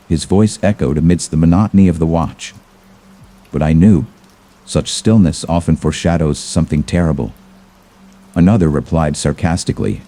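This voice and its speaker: A man narrating a scripted horror story in a measured, ominous manner. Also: low voice, warm tone.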